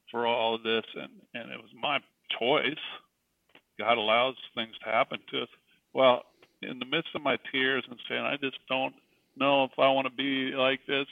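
A man's voice: mid-range voice, gravelly, no echo. A middle-aged man, a guest telling a personal faith story in an earnest, emphatic way. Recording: distant, tinny phone-like sound.

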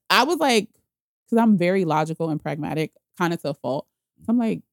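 A woman telling a story in casual podcast chat, slangy and animated, acting out other people's voices. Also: fairly low pitch, brisk, no room sound, clean studio sound. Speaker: guest telling her proposal story.

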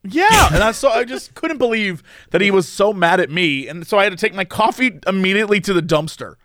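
A man with a high voice that swings all over as he chats. He tells a story with lots of energy and acts out each quoted person. The sound is dry and close. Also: animated, a little fast, a bit bright, no echo. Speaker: podcast co-host. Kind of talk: casual chat.

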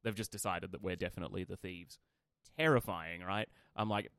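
Aussie radio co-host, fairly low voice, dry studio sound, animated storyteller. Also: male voice, brisk, no room sound. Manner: animated anecdote teller, acts out quotes. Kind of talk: casual storytelling chat.

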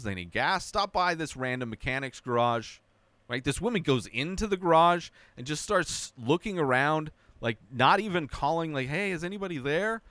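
A young man reviews a film in loose, casual talk, his pitch swooping up and down with lively energy. His tone is bright and forward, and the sound is dry and close, with no room around it. He sometimes slips into a high whiny mock voice. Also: no echo. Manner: animated, mocking impressions with high whiny voice. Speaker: movie review host. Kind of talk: casual spoken movie review.

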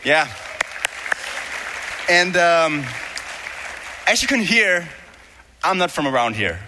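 Crowd noise and other background sound fill a church hall with long reverb as a young Danish guest preacher, accent evident, speaks slowly in a high, sing-song voice. His sermon comes across as conversational, humorous and self-deprecating.

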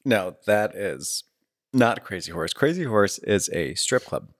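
A middle-aged man in casual chat, telling animated stories and swearing freely. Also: on the low side, a little slow, dry recording, studio quality. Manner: animated storyteller, swears, acts out dialogue. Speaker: podcast co-host.

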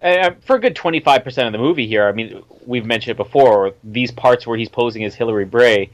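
A man co-hosting a casual film chat, talking in a measured, explanatory way. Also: mid-range voice. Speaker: podcast co-host.

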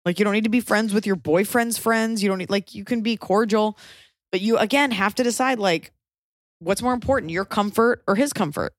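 A woman's voice: mid-range voice, a little fast, no echo, studio quality. Blunt, emphatic woman giving advice. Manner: blunt, emphatic, swearing freely. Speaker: podcast co-host giving advice. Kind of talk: casual advice chat.

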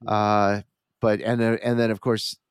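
A man's voice: lowish voice, flat delivery, a little slow, smooth, no room sound. A congested man hosts a podcast in a loose, rambling way, often stopping to correct himself. His voice is nasal and stuffed up, and the sound is close and dry with no room around it. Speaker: podcast host. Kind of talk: casual podcast chat.

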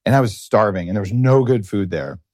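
A middle-aged man with a fairly low voice hosts a loose interview, wandering from point to point and restarting his sentences. The sound is dry and close to the mic. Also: animated, a little fast, darkish tone, dry recording. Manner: rambling, tangential, self-interrupting. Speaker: podcast host. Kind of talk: casual interview chat.

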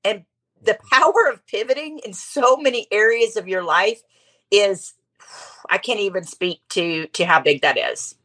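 A middle-aged woman chatting as a podcast guest, telling stories in an animated way with quick asides. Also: medium pitch. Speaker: podcast guest, speaker coach. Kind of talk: casual interview chat.

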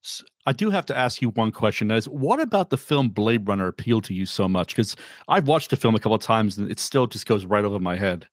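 A man hosting a podcast, asking questions in a relaxed, casual interview. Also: lowish voice, fast, no room sound, clean studio sound. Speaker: podcast host.

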